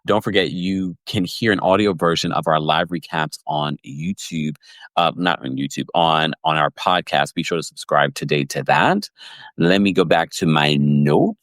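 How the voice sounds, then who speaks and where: A man hosting a livestream podcast recap, chatty and animated, laughing often and reading viewers' comments. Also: sits low, no room sound. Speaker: podcast host recapping reality TV.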